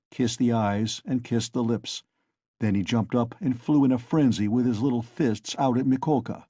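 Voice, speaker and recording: Husky male audiobook narrator. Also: medium pitch, no echo, studio quality. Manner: steady storytelling. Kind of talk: scripted narration.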